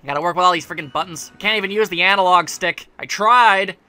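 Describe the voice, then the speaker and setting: A man's voice: high-pitched, quick pace, pushed and bright, clear, resonant tone, soft background music. Sarcastic rambling man commenting on a game. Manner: rambling, sarcastic, joking at the characters. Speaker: let's play commentator.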